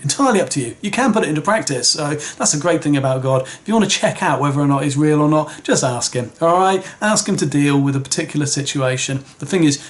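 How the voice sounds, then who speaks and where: A man giving a conversational Bible commentary, often checking in with his listeners with "all right?" and "okay?". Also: fairly high pitch. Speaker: Bible teacher.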